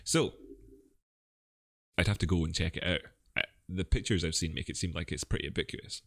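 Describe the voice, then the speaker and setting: Scottish male streamer, deep slightly rough voice, dry close sound, loose and joking. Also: a little fast, a bit bright, dry recording. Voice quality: a bit rough voice. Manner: rambling, self-mocking, chatty asides. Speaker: crypto livestream host. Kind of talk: casual live chart analysis.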